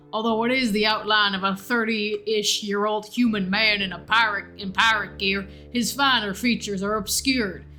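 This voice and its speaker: Bright-voiced young woman reading aloud. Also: mid-range voice. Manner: steady, careful reading with small slips. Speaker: player. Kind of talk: reading aloud in a tabletop game.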